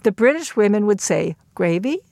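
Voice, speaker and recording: An older woman explaining linguistics in a measured lecture, with occasional fillers. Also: on the low side, creaky, no room sound, clean studio sound.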